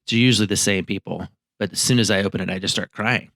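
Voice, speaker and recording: Co-hosting a podcast, a marriage therapist with a lowish voice chats in a relaxed, reflective way, telling anecdotes and often using fillers. He keeps a steady tone at a quick pace, sounds a bit bright, and is recorded in studio quality without room sound.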